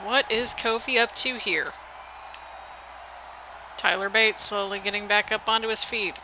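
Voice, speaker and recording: A woman's voice: medium pitch, fairly even intonation, measured pace, bright, forceful tone, a faint crowd, slight background noise, low-quality recording. An American woman with a mixed northern, midwestern and southern accent, giving chatty, rambling play-by-play commentary over a video game. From United States. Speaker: gaming channel host.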